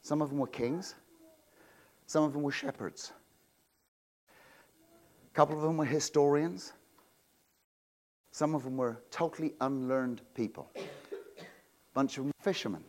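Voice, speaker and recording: A man preaching a sermon, swinging between loud proclamations and quiet asides, often repeating and restarting words. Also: on the high side, a little slow, pauses often. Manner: self-interrupting, repeats words. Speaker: pastor.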